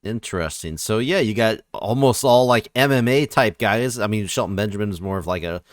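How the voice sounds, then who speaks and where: A man's voice: lowish voice, fairly quick, no room sound, clean studio sound. A man in casual podcast chat, reading ratings and reacting with wry asides. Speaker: podcast co-host.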